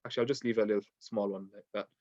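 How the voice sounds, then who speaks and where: This male instructor covers Quran recitation rules online, talking in a relaxed manner peppered with ums and demonstrating each sound personally. He speaks quickly, almost racing, in a lowish voice, and the audio is dull, lo-fi, and dry with no echo.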